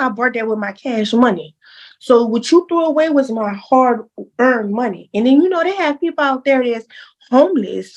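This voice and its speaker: Animated woman telling a story. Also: high-pitched, low-quality recording. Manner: animated, acts out phone calls, addresses listeners as y'all. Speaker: podcast host. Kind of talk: casual storytelling to listeners.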